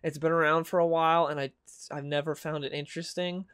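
A man's voice: fairly high pitch, flat delivery, fast, a bit bright, clean tone, no echo, clean studio sound. A young man hosting a comic book video, ranting casually and sarcastically with mocking quoted voices. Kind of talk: casual opinion commentary.

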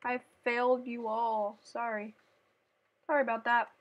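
A woman playing a platform game on camera, chatting playfully and breaking into shrieks and yells as she plays. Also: a little high, little pitch movement, unhurried, lo-fi sound. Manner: playful, talks to the game and her cat. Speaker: gaming channel host. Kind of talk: let's play commentary.

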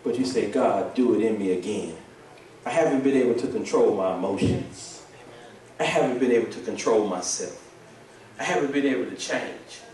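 A man preaching a sermon as pastor, moving from quiet pleading to shouted prayer. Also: mid-range voice, lively intonation, brisk. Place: church sanctuary. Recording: echoey church hall, mic at a distance.

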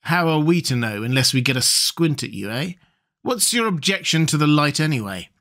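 A man doing a gruff fishing skipper. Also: on the high side, big pitch swings, moderate pace, a bit bright. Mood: suspicious. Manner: blunt, brusque, plain-spoken.

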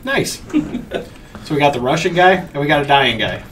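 A man's voice: a little high, lively intonation, fairly quick, fairly bright tone. Man, casual gameplay commentary, thinking aloud, far mic, noticeable noise. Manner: musing, thinking aloud while playing. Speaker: let's play player.

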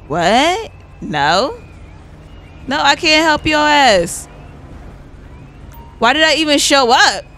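Young woman, gameplay commentator: bright tone, very expressive pitch, chatty and animated. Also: slow, long pauses, a little hiss or hum. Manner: animated, chatty, exclaims and laughs to viewers. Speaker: gaming YouTuber.

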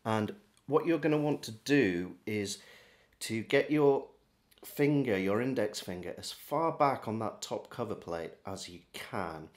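A man giving a relaxed, step-by-step beginner harmonica lesson. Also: on the low side, a little slow. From England. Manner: friendly, relaxed step-by-step demonstrating. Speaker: harmonica teacher. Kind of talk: casual video lesson.

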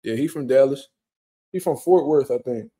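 Laid-back profane man with a mellow voice. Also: mid-range voice, moderate pace, slightly rough. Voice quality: profane, laid-back slang-heavy talk. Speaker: livestream host. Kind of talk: casual livestream chat reading comments. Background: quiet room at home.

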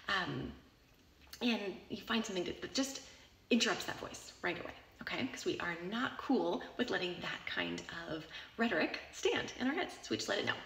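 Woman chatting advice, kinda gravelly voice, keeps asking right? okay?, echoey room w faint hiss. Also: mid-range voice, lively intonation, moderate pace. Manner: warm reassuring, often checks in with "right?" and "okay?". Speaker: self-help author answering a listener question. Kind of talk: casual advice talk.

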